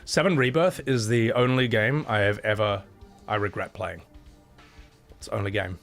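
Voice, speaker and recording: A man's voice: fairly low pitch, normal speed, a bit bright, faint music behind. A man with a Scottish accent chatting casually on a live stream, blunt and sweary, thanking viewers between rants. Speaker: livestreamer.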